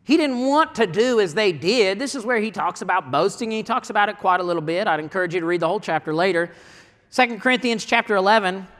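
Male preacher, high bright voice, folksy sermon delivery with rhetorical questions, long church reverb. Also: fast. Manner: rhetorical questions and scripture reading, folksy phrasing. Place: church sanctuary.

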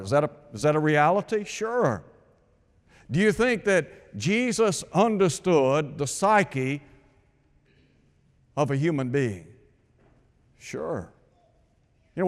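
Preacher man in a reverberant hall. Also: fairly high pitch. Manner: rhetorical questions, emphatic repetition of scripture. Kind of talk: sermon.

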